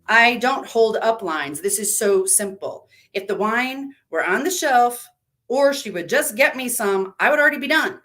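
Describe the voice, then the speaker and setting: A woman acts out a worn-out woman at her breaking point, in a live story reading. Her words come clipped and bitter, pushing louder as her patience runs out. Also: on the high side, animated, a little slow, pitched above the performer's own voice. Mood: angry. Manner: clipped, bitter, rising to shouting.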